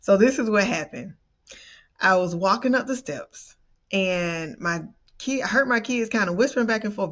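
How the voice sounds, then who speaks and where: A woman parenting coach tells a personal story straight to the camera, lively and expressive in how she shares it. Her voice sits at an ordinary middle pitch. The recording sounds a little dull and muffled. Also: moderate pace.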